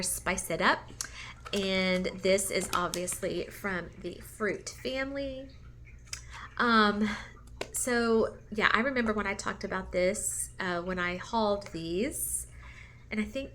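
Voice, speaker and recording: Lady chatting slowly at home, gushy and chatty, bit of faint noise behind. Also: medium pitch, a bit bright. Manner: chatty and gushing, many fillers, talks straight to viewers. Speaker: candle and wax melt channel host. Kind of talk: casual product review chat.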